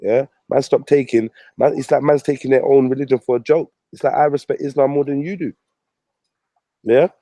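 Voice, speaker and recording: A man's voice: medium pitch, fairly even intonation, brisk, dark tone, no room sound. A man ranting on his channel, mocking and swearing at a rival. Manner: profane, mocking, combative. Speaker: vlogger. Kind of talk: ranting commentary.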